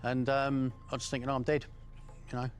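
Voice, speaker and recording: Guy, middle-aged ex-criminal, blunt and sweary, lots of ums and pauses. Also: mid-range voice, completely flat delivery, slight background noise. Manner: blunt, profane storytelling with frequent pauses and fillers. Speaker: former criminal interviewee. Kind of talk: first-person recollection.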